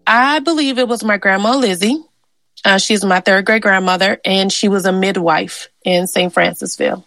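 A woman's voice: medium pitch, normal speed, fairly bright tone, no room sound, faint music behind, low-quality recording. A woman from Louisiana telling personal family history stories in an interview, earnest and conversational with many fillers. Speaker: genealogist and interviewee.

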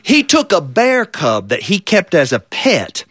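A man's voice: sits high, wildly swooping pitch, unhurried, a bit bright, no echo, clean studio sound. A man from Kentucky telling folk tales with a Southern Kentucky drawl in a folksy, drawling way. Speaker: storyteller. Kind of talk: folk tale storytelling.

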